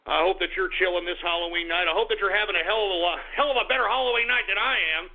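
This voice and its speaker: Exasperated guy hosting a net radio show, high gravelly voice, swearing and sighing a lot. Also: fast talker, hardly any pauses, background noise. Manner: exasperated, cursing, with repeated sighs. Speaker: internet radio show host. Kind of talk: ranting call-out monologue. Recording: tinny phone-like line.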